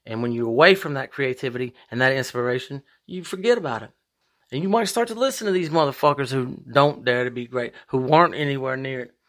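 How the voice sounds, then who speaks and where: A man hosting a podcast, talking in a profane, rambling monologue with big emphatic swings in pitch. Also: fast talker, a bit bright. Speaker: podcast host. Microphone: podcast microphone.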